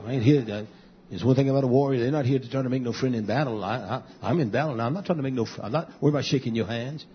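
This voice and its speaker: A man preaching a fiery sermon, blunt and repetitive, swinging between shouts and low mutters, on a muffled lo-fi recording. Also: racing, husky.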